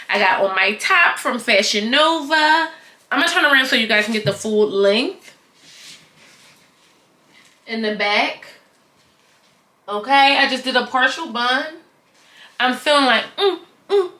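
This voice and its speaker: Bright-voiced playful woman in echoey room. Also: fairly high pitch. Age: adult, not young. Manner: animated, playful and slangy, addressing viewers directly. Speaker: beauty vlogger reviewing wigs. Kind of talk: casual product review chat.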